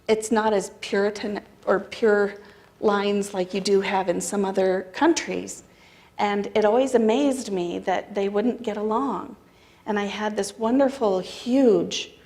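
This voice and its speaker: A middle-aged American woman giving a spiritual talk, telling a story in a conversational, animated way and acting out the dialogue. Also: medium pitch. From United States. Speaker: spiritual practitioner speaker. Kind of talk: sermon storytelling.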